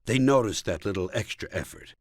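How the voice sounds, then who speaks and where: A man's voice: lowish voice, expressive, fairly quick, dry recording, studio quality. A man from the United States reading his own comic book aloud in a sardonic, mocking, punchy way.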